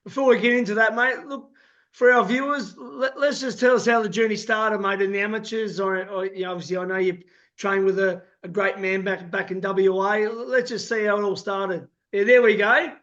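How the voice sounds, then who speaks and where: A man hosting a casual interview, affirming his guest warmly with lots of "yeah" and "mate". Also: sits high, fairly even intonation, brisk. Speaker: interview host. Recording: dull lo-fi audio.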